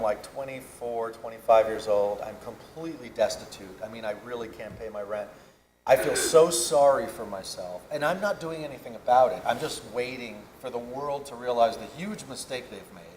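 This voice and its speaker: A man's voice: mid-range voice, a little hiss or hum. A man in his fifties, a convention panel guest, telling long digressive anecdotes on stage. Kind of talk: storytelling on stage. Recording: roomy hall, faint ambience.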